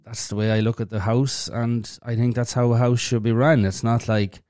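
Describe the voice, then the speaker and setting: A man talks through his views on a solo podcast in a blunt, plain-spoken way, swearing without a second thought. His voice sits at an ordinary pitch for a man. The sound is dry and close, with no room echo. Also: flat delivery, moderate pace, a little mellow. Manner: blunt, frank, swears freely; thinks aloud with fillers and restarts. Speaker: podcast host. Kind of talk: casual solo podcast talk.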